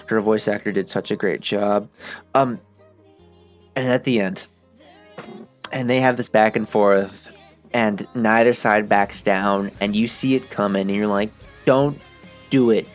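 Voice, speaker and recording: A man giving casual, emotional game-review commentary as a video creator, animated and quick to swear. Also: lowish voice, faint music behind.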